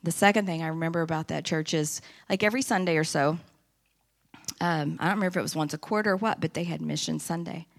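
Gravelly, low-voiced woman giving testimony. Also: fast talker. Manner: earnest, animated storytelling. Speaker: church member giving testimony. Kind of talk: personal testimony.

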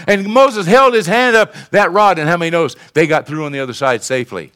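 High, bright-voiced preaching pastor. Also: male voice, a little fast, hardly any pauses. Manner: call-and-response preaching, swings from soft to shouting. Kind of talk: sermon.

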